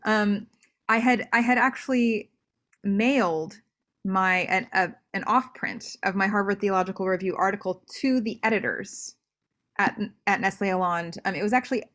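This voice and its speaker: A young woman speaking as an interview guest over a video call. She tells stories with energy, often restarting phrases and adding quick asides. Her voice sits in a middle pitch. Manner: animated storyteller, quick asides, frequent restarts. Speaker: guest scholar. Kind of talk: interview conversation.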